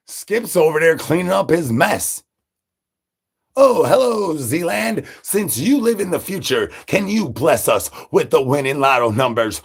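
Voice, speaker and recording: A man live-streaming in a zombie persona, rambling through silly catchphrases with sudden jumps in pitch. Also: gravelly, fairly bright tone, slightly rough. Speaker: livestreamer in zombie character. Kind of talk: absurd live-stream banter.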